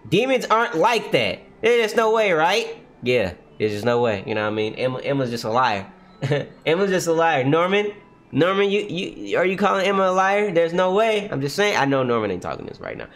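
Excitable man reacting to manga live. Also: high voice, moderate pace. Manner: animated, reads panels aloud, exclaims and laughs often.

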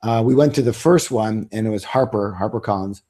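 Mellow, husky middle-aged man. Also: on the low side, brisk. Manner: emphatic, repeats words, self-assured storytelling. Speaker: interview guest, author and seminar leader. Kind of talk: casual interview talk.

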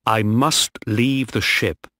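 A man's voice: mid-range voice, steady tone, slow, sharp tone, no room sound, studio quality. A man voicing a desperate young male ship officer in a storybook reading.

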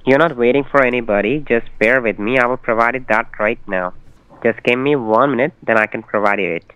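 A man's voice: mid-range voice, fairly quick, a bit bright, clean tone, dry recording. A man on a scam call, giving insistent, repetitive instructions. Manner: insistent, repetitive, formulaic phrasing. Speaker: scam caller. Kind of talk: phone call. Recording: muffled dry phone line.

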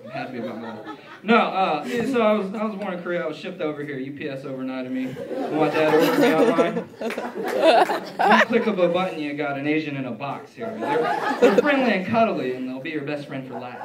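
Lively young male stand-up comic. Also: a little high, brisk. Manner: rambling, filler-heavy, self-mocking. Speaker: stand-up comedian. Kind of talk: stand-up routine. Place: comedy club stage. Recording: echoey club, far mic, loud crowd.

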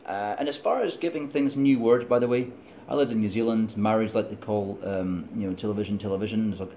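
A middle-aged Scottish man rambling through a vlog monologue, digressing and laughing between points. His voice sits low and mellow, with a faint hiss behind it. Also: fairly quick. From Scotland. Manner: digressive, laughs often, tipsy and chatty. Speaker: vlogger.

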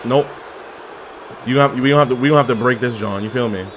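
A man giving casual, excitable commentary while playing a video game, trash-talking and laughing often. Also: medium pitch, brisk, slight background noise. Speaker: gaming commentator.

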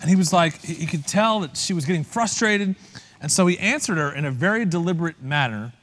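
Male pastor, slightly high voice, conversational sermon delivery, long hall reverb. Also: expressive, a little fast, a bit bright. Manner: conversational, asks listeners direct questions. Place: church.

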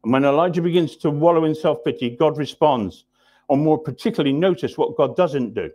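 A man preaching a sermon in a church, driving points home through repetition and often dropping his voice low and quiet for emphasis. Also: animated, fairly quick. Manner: emphatic repetition, drops low and soft for weight.

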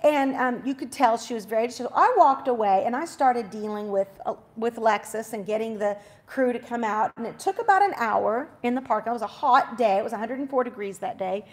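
A high-pitched woman in her forties hosts a faith talk show and tells a personal story. She talks in a chatty, relaxed devotional style, throwing in quick asides and self-corrections.

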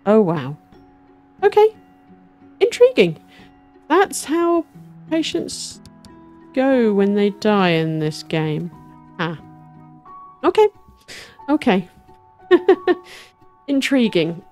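A woman's voice: mid-range voice, sing-song, very slow, pauses often, darkish tone, soft background music. A woman giving casual let's-play commentary, chatting to herself and to the game's characters and laughing now and then. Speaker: gaming channel host.

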